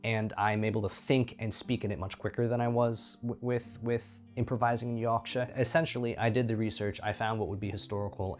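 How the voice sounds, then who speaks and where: A man with a slightly low voice chats casually to the camera as a channel host. He rambles, fills his talk with fillers and restarts, and keeps correcting himself. Soft guitar music plays faintly behind him. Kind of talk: casual talking-head chat.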